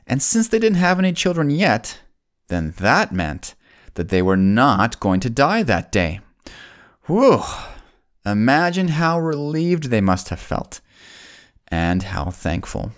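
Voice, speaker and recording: A man narrating a Bible story for children, folksy and speaking straight to the kids, slowing down and dropping his voice on solemn points. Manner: slows down and drops low on solemn points.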